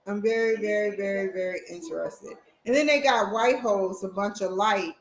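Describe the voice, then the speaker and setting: A college student vlogs from home, chatting casually and rambling directly to her viewers. Her voice is medium-pitched and moderately paced, and the recording is rough with a roomy sound.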